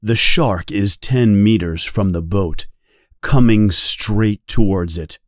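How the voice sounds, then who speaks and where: A man giving a slow, guided reading of a novel for English learners, speaking clearly and carefully. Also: on the low side, dry recording, clean studio sound. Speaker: reader.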